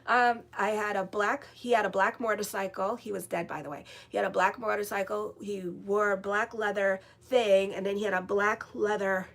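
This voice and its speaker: A woman astrologer telling a story in a casual, animated way, blunt and swearing freely as she rambles. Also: medium pitch, normal speed, few pauses. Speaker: astrologer and tarot reader.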